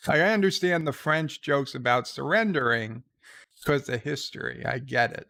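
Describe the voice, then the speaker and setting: A man's voice: medium pitch, animated, normal speed, sharp tone. A man hosting a livestream, reading viewer comments aloud and rambling through wry asides. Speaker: livestream host.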